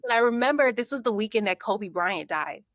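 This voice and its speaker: A woman, a podcast guest and marketing coach, telling her story in a lively way and acting out her own thoughts. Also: fairly high pitch, brisk, no echo, studio quality. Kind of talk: conversational storytelling.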